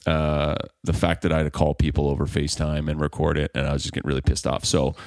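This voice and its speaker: Deep-voiced rambling podcast host, man. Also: flat delivery, fast talker, a little mellow, no echo. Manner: rambling, with many fillers and restarts. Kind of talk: casual podcast chat. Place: room in a big old house.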